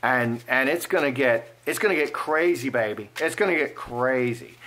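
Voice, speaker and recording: A man giving casual fortune-telling commentary as he reads cards, animated and playful, acting out imagined speech. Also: mid-range voice, normal speed, slight background noise. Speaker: card reader.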